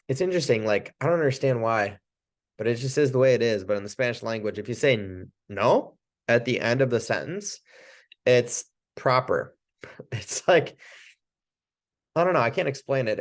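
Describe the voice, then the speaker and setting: A man teaching a casual training session, talking loosely with restarts and short laughs. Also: on the low side. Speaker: chiropractic trainer.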